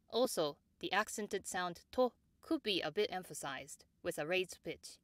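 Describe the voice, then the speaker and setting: A woman teaching pronunciation in a slow, measured way, with a slightly low voice. She explains each point precisely and then models the examples carefully. The sound is close and dry, with no room around it. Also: expressive, dry recording. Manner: measured and precise, models example words slowly and repeats them. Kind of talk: slow, clear instructional explanation.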